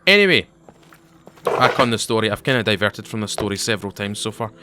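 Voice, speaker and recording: His voice is on the low side and brisk, in a very noisy recording. A young man doing a let's-play of a survival game spins a digressive, animated story, constantly breaking off to remark on things.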